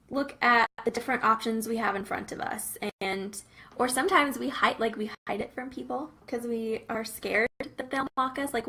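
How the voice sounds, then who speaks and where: A young woman with a bright, forceful voice, speaking a little higher than most. She talks in an earnest, casual way about faith and running a business, sprinkling in fillers as she goes. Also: low-quality recording. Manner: earnest and conversational, many fillers like "um" and "like". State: briefly teary-eyed. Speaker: Christian business coach.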